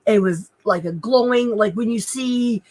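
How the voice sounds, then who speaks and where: Excitable woman telling a story. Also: a little high, unhurried, rough recording. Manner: excitable, animated, lots of "oh my God" and "like". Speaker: podcast host telling a personal story. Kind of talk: casual storytelling chat.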